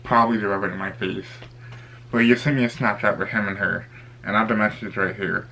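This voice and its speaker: A man's voice: on the low side, steady tone, fast, creaky, pushed and bright, slight background noise, poor audio. A young man telling a casual storytime vlog, rambling and retelling conversations with lots of "I'm like". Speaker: YouTuber.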